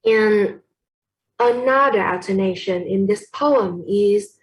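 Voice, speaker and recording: A woman's voice: medium pitch, takes it slowly, a little hiss or hum, poor audio. A young woman with a Vietnamese accent gives a class presentation on poetry, hesitating often with fillers and correcting herself as she goes.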